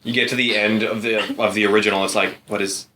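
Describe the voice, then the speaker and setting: A man's voice: on the low side, level tone, fast, sharp tone, a little hiss or hum. A man co-hosting a casual podcast chat in a dry, wry way, drawing out words for emphasis. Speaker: podcast co-host and reader.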